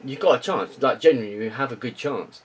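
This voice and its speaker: A man's voice: medium pitch, fast talker, breathy edge. A young man giving frustrated, ranting gameplay commentary that swears and repeats itself. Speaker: gaming video creator. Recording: faint music behind.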